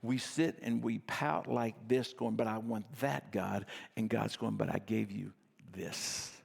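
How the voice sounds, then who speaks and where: A middle-aged pastor delivers a sermon in a relaxed, storytelling way, poking fun at himself. His voice has a gravelly, creaky edge, and it rings with the long reverb of a large church hall. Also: medium pitch. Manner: conversational storytelling, self-deprecating.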